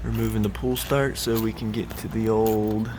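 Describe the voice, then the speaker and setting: A man narrating a casual vlog as he preps and flies a paramotor outdoors, chatty and easygoing, getting excitable in flight. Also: lowish voice, normal speed. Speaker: paramotor pilot vlogger. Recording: loud wind and engine noise outdoors.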